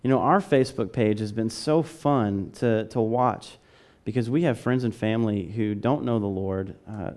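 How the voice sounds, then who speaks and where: A man from the American South preaching a conversational sermon, building to excited emphasis. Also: fairly low pitch, moderate pace.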